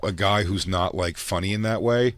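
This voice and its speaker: A man with a fairly low voice tells stories in a loose, rambling way, stopping and restarting while he acts out what others said. The sound is dry and close. It has the feel of a relaxed comedy podcast chat. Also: normal speed, no echo. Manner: rambling storytelling, frequent restarts and acted quotes. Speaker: podcast co-host.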